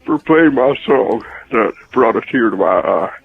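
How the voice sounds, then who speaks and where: A man's voice: mid-range voice, expressive, gravelly, faint music behind. A man leaving a rambling voicemail, stalling constantly with filler sounds, heard over a phone line. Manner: halting, full of uh fillers. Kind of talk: voicemail message.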